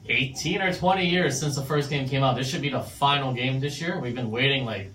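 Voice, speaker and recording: A man's voice: mid-range voice, brisk, fairly bright tone. A man in his twenties co-hosting a casual radio chat show, laid-back and rambling. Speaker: radio co-host. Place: small radio studio. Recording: roomy studio sound, mic at a distance, faint noise.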